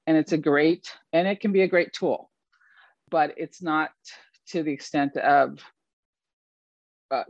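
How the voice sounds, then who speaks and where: A man as an interview guest, talking about his work as an event photographer in a casual, animated way and laughing often. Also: fairly high pitch, gravelly, no room sound, lo-fi sound.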